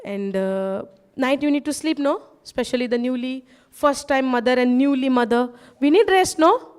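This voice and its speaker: A high-pitched woman preaches to a congregation and tells her testimony. She keeps calling out to the crowd for answers, then turns quiet and low in her personal asides. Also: moderate pace, clean tone. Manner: asks the crowd "yes or no?", drops low and soft in asides.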